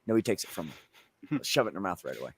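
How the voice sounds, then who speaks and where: A deep, husky voice delivers a fast, rambling, swear-filled story as a Pennsylvania show co-host chats casually and acts out the people involved with animated quotes. The recording is dry.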